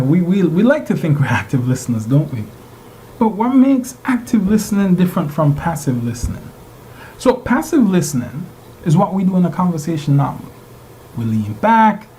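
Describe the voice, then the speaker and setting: A man's voice: high-pitched, warm tone, a little hiss or hum, rough recording. A man teaching a class, lecturing and regularly putting rhetorical questions to his students. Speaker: instructor.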